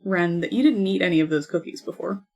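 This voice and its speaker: Cheerful young female adventurer, played by a woman; warm teasing reads. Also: lowish voice, fast talker, gravelly, soft background music. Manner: friendly, teasing. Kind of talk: tabletop role-play.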